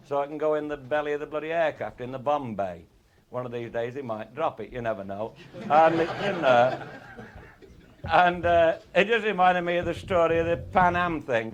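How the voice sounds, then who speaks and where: A middle-aged man, telling comic stories to a live audience in an earthy, swearing manner and chuckling along. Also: fairly high pitch. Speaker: raconteur.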